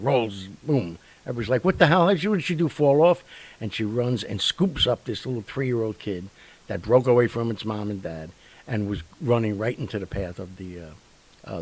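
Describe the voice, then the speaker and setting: A man hosts a casual storytelling show with a low, gravelly voice. He has a husky edge and rambles animatedly, with plenty of fillers and sound effects. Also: low-quality recording. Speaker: radio show host.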